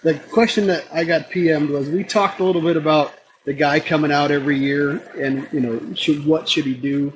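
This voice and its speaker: Man, podcast host, easygoing, asks questions, slightly high voice, faint noise. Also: steady tone, moderate pace. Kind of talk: casual podcast conversation.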